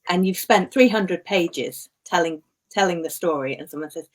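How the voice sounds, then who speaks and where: A woman with a low voice and a slight lisp, talking casually as a writing coach. She is chatty and self-mocking, explaining things in a relaxed, conversational way. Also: normal speed, hardly any pauses. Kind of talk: casual chat.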